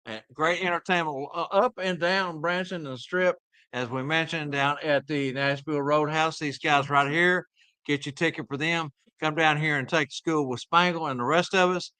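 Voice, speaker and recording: A man hosts a live show in a folksy, easygoing drawl. His voice is bright and clear, slightly high for a man, with a dry, close sound. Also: steady tone, moderate pace, dry recording. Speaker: host. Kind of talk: casual live show chat.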